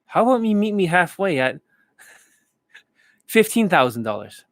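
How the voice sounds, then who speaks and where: A pushy male seller, indignant and high-pitched, bargaining for more money, as a man puts him on. The sound is dry and close. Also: sing-song, moderate pace, no echo. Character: pushy male seller, inflating his price.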